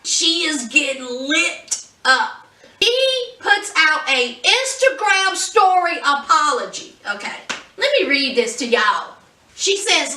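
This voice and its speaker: High, bright woman vlogger, sassy and chatty, echoey room. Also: very animated, slow. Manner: chatty, sassy, says "honey". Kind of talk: casual pop-culture commentary. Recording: roomy echo, distant mic.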